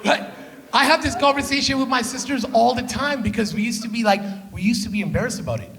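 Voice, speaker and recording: A man from Canada, a stand-up comedian on a theater stage, telling loud, profane family stories and keeping the crowd with him with "right?". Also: very high-pitched, fast, vocal fry. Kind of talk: stand-up storytelling.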